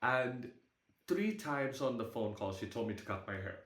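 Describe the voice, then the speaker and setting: Young man telling a candid, halting story. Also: medium pitch, sing-song, a bit bright, echoey room. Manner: halting storytelling with casual swearing. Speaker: group call participant. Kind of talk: candid personal sharing. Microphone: video call.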